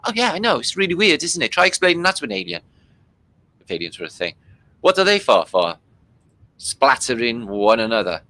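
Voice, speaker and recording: A man's voice: medium pitch, big pitch swings, brisk, pauses often, bright, forceful tone. A man from Britain giving loose, casual running commentary over old footage, swearing freely and filling gaps with ums. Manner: loose and chatty, swearing freely, many fillers. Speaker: host commenting on archive war footage.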